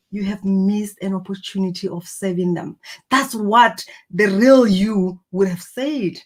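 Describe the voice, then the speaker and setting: A woman's voice: medium pitch, steady tone, measured pace. A woman giving an earnest, encouraging motivational talk to camera, reflecting on personality and purpose. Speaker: personal growth speaker.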